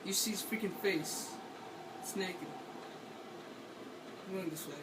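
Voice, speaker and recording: A man's voice: sits high, a little slow, far from the mic, background noise. A man doing playful, rambling gameplay commentary for a video, talking to himself as he plays. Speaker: gaming video maker. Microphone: camera held by hand.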